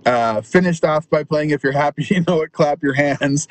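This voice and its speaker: A man's voice: on the high side, animated, normal speed, slight background noise, low-quality recording. A man, a touring punk musician, telling profane, laughing stories from his car and acting out other people's lines. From Canada. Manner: profane, laughing anecdotes with voiced quotes. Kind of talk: casual storytelling chat.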